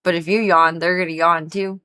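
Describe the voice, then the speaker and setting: This young woman hosts a casual gaming stream with a fairly low, level, sharp-toned voice, talking a little quickly. She rambles chattily with many "like" fillers, yawning and sleepy, her nose a bit stuffed up.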